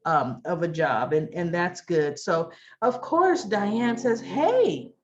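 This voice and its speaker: A woman's voice: fairly low pitch, expressive, slow. Chatty woman recapping a soap, lo-fi sound. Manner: chatty, retells scenes by acting out characters' lines. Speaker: soap opera recap vlogger. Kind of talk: casual spoken episode recap.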